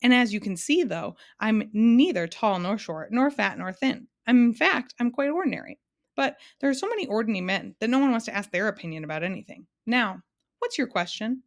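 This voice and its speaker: A woman's voice: a little high, lively intonation, brisk, pitched above the performer's own voice. A woman reading aloud and voicing a muddled, fussy middle-aged man in a storybook.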